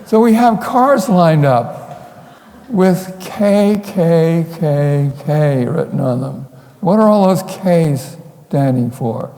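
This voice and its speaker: Older man, gravelly voice, mellow tone, wry slide-show storytelling, lecture hall reverb. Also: on the high side, animated, slow pace, a little hiss or hum. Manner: wry, anecdotal, meandering. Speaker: photographer giving a talk.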